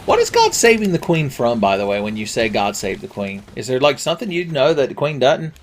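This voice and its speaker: Man, game commentator, sarcastic profane banter, mid-pitched voice. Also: wildly swooping pitch, brisk, a little hiss or hum. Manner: sarcastic, profane, rambling jokes. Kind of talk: let's play commentary.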